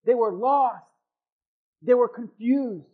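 A man preaching a sermon as pastor, swinging from loud, emphatic lines to hushed ones. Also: very high-pitched, slow pace. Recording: thin phone-like sound.

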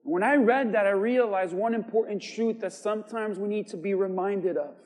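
A man preaching a sermon as pastor, swinging from quiet, measured lines to shouted emphasis. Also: sits high, long reverb tail. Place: church.

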